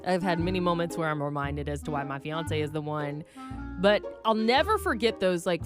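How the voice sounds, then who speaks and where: Teasing female radio co-host. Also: sits low. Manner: dry, teasing. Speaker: radio morning show co-host. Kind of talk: casual radio banter. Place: radio studio.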